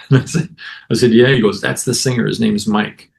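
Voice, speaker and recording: Gravelly man telling a lively story. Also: medium pitch, a little fast, a little hiss or hum. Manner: animated anecdote with acted-out quotes. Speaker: guest musician. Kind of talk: casual storytelling.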